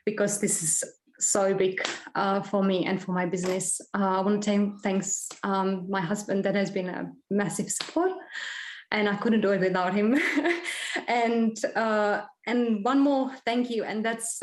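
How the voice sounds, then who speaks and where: A woman from Prague with a Czech accent giving a halting, emotional acceptance speech full of fillers and nervous laughter over a video call. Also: mid-range voice, a little hiss or hum. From Czech Republic. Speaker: award winner. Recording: echoey room.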